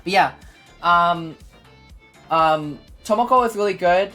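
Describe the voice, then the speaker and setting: A woman streamer recapping an event in a casual, rambling way, full of fillers and excited asides. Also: fairly low pitch, slow pace. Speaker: VTuber streamer. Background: faint background music.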